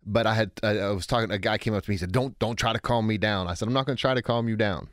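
A man's voice: racing, no echo, clean studio sound. A man, an author on anger, answering a listener's question in a conversational teaching monologue. He acts out quoted voices and often restarts his sentences. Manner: animated, acts out quotes with big pitch jumps, frequent restarts. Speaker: author and speaker on handling anger.

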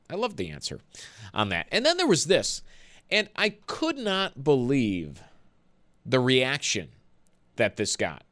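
A male sports radio host with a lively, swinging delivery, ranting about online overreactions with exasperated laughs. He talks fast and loose, in an easy conversational way. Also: medium pitch. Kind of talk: call-in sports talk.

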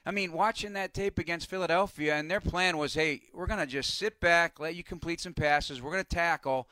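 A man's voice: a little high, brisk, smooth, no echo. Upbeat man calling in to radio. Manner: energetic, chatty, laughs easily. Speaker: radio play-by-play announcer, guest. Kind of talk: casual radio phone-in chat. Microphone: phone hotline.

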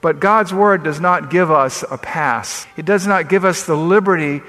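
A man's voice: on the high side, moderate pace, sharp tone. A man preaching a sermon as pastor, emphatic and building up as he reads scripture aloud. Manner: emphatic, rising into scripture readings. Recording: long reverb of a large hall.

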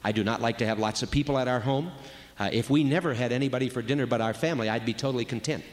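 Speaking at a marriage retreat, this man talks rapid-fire in a medium-pitched voice, performing the voices he quotes in a chatty sermon about marriage. A large hall gives the recording a long reverb.

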